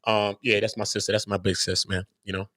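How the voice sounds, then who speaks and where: A man's voice: on the low side, flat delivery, brisk, bright, forceful tone, no echo, clean studio sound. A man hosting his own channel, ranting to viewers in a blunt, openly profane and emphatic way. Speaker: channel host.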